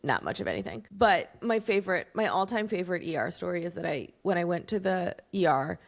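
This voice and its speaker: A woman co-hosting a podcast in loose, casual chat. Her pitch swings widely as she talks, and she laughs often and speaks with lots of animation. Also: lively intonation, brisk, creaky. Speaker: podcast co-host.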